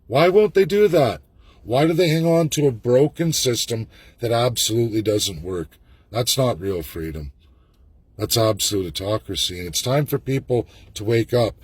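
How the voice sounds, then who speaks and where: Fervent husky-voiced man. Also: mid-range voice, lively intonation, moderate pace, a little mellow, dry recording. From Canada. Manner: fervent, repetitive, urgent appeals. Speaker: political candidate. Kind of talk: ranting video monologue.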